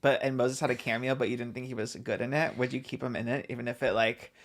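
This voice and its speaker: Podcast producer, woman, very deep voice, relaxed and hesitant, casual chat. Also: fast talker. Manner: relaxed, slightly hesitant, filler-heavy.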